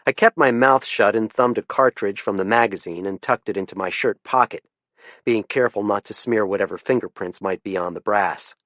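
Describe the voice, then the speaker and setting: A man's voice: fairly low pitch, a little fast, fairly bright tone, no room sound. A man narrating a first-person mystery audiobook in a dry, understated manner.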